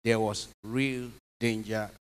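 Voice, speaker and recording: A man's voice: on the low side, fairly even intonation, slow, clear, resonant tone. A man, a priest, giving an emphatic homily and putting questions to his congregation. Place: chapel. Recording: long chapel reverb.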